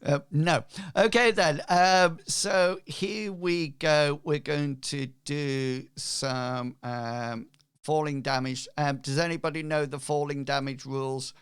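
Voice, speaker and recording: Man, game master, slow and halting, smooth clear voice, lots of ums. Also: fairly high pitch, steady tone, a bit bright. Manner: hesitant, many ums. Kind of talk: running a tabletop game.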